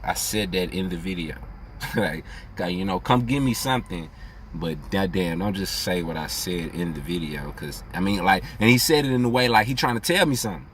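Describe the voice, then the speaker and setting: A young adult man in a casual, rambling vlog monologue, cursing freely and getting animated, laughing often. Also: fairly low pitch, slight background noise. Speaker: astrology vlogger.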